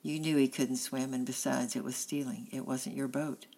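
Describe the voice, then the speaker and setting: A woman's voice: a bass voice, little pitch movement, moderate pace, creaky, mellow, heavily acted. A woman reading aloud as a kindly farmer who earnestly reproaches a boy. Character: big, kindly farmer, firm but gentle man.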